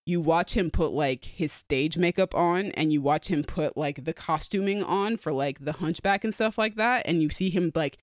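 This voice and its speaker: Enthusiastic woman, fast casual chat. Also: sits low, no echo, studio quality. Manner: enthusiastic, fillers like 'like'. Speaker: podcast co-host. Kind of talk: casual fan-casting chat.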